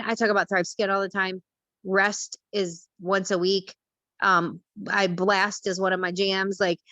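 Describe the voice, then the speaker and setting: A woman hosting a casual group video call, talking in an excited, rambling way with lots of fillers. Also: mid-range voice, no room sound. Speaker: host. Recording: dull lo-fi video call audio.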